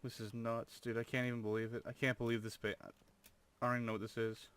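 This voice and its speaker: A man's voice: mid-range voice, little pitch movement, fairly quick, a bit bright, clean tone. A young man commentating his own gameplay, full of over-the-top amazement and swearing. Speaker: gamer.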